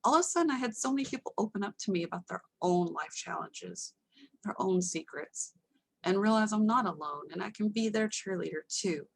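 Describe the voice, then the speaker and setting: Woman, storyteller, casual and animated, self-mocking humor, home mic. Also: a little fast, vocal fry. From Texas. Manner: animated, acts out quoted voices with sudden pitch jumps; candid, self-mocking asides. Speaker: storyteller presenting her life story to an online audience.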